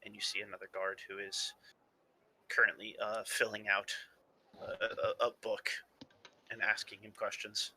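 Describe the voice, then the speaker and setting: Brief: young male game master, bright tone, stop-start scene narration. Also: lowish voice, flat delivery, breathy edge, poor audio. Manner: halting, many fillers and restarts.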